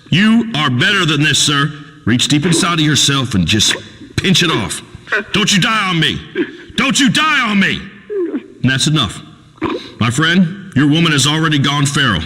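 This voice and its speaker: A blustering redneck radio host. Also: male voice, a little high, sing-song, normal speed, bright, forceful tone, long reverb tail, heavily acted. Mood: preachy. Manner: pompous, blustering, folksy grammar. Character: crude redneck male talk radio host. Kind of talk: comedic radio talk show acting.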